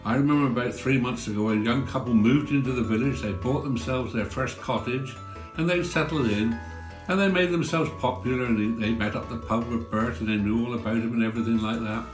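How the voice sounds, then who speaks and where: A man's voice: medium pitch, brisk. Folksy male storyteller. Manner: chatty, folksy. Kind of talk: comic village storytelling. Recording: roomy with faint guitar.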